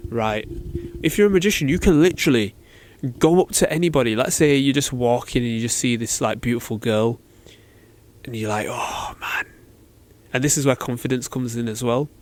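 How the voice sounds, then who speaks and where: A man's voice: medium pitch, brisk, darkish tone. Chatty young man hosting a podcast. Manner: chatty, slangy, acts out little dialogues. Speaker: podcast host. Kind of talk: casual solo podcast talk. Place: cold shop with fridges.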